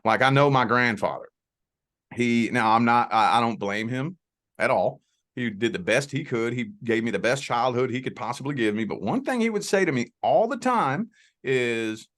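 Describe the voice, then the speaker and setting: A man's voice: medium pitch, moderate pace. A man from the Kentucky area with a Southern accent, talking casually as an interview guest and often restarting his words. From Southern Indiana / Louisville, Kentucky area. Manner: relaxed, repeats words when starting, frequent "you know". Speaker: guest, spiritual reader.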